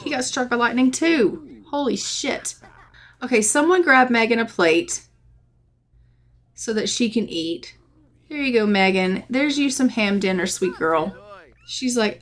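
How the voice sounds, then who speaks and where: Brief: woman gameplay narrator, slightly high voice, chatty and giggly, voices her characters in asides. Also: lively intonation, measured pace, fairly bright tone. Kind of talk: casual let's-play commentary.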